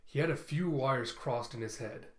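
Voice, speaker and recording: A man's voice: mid-range voice, moderate pace, lightly acted. A man reading the lines of a tough, curt female starship captain who talks blunt and bossy, in a comic read-aloud. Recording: roomy echo.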